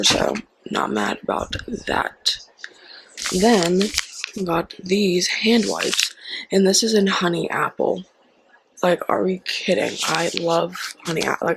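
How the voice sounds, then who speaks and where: A young woman chatting excitedly through a shopping haul at home, full of "like" and quick asides. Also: lowish voice, creaky, a little hiss or hum, poor audio. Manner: chatty, excitable, with frequent "like" and "so we got her". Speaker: haul vlogger. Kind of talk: casual product haul chat.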